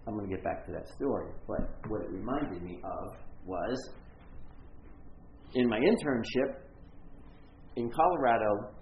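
A male pastor tells a story to his congregation in a rambling, self-mocking way, often stopping to restart his sentences. His voice is gravelly. The recording is echoey and a bit muffled, with faint room ambience behind him. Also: lowish voice, animated, measured pace, pauses often, a little hiss or hum. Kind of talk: storytelling sermon.

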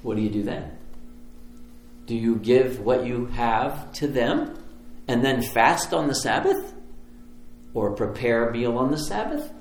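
A man's voice: mid-range voice, big pitch swings, unhurried, soft background music. A man preaching a sermon as pastor, telling stories in a conversational, vivid way. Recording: roomy hall, faint ambience.

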